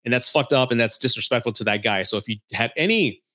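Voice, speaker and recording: He speaks quickly at a medium pitch with a sharp tone, hosting a relaxed podcast about dating advice. Blunt and foul-mouthed, he laughs often while delivering a heated scolding.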